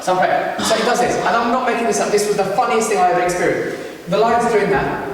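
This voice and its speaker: High-voiced man telling a stand-up story. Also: quick pace. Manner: animated, full of asides and acted-out quotes. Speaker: stand-up comedian. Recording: roomy hall, distant mic, faint noise.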